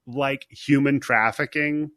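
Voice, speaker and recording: A man hosting a casual movie podcast, talking in an animated, profane way and acting out scenes. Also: medium pitch, takes it slowly, dry recording, clean studio sound. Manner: animated, profane, acts out characters. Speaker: podcast host.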